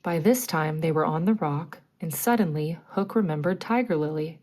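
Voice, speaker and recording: A woman narrating a bedtime story, reading gently and clearly. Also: sits low, moderate pace.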